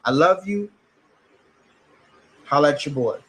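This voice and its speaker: A man's voice: on the high side, animated, measured pace. A man from the United States giving blunt, emphatic, profane livestream commentary. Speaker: streamer.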